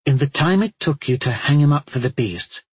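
A man voicing a sharp, questioning woman warrior in an audiobook, with a raised, calm voice. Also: a little high, moderate pace, husky, voice pushed up. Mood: probing.

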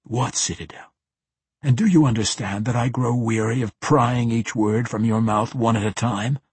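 A man voicing a cold, menacing assassin in a fantasy audiobook, speaking in a calm, measured, threatening way. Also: medium pitch, husky, dry recording. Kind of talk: audiobook character voice.

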